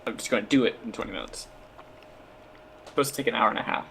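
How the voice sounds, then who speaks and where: A man's voice: medium pitch, fast, creaky, a bit bright. Young guy goofing around on stream, reading chat, bit of background hum. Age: young adult. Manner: playful, joking, talks to chat. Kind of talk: casual live stream chat.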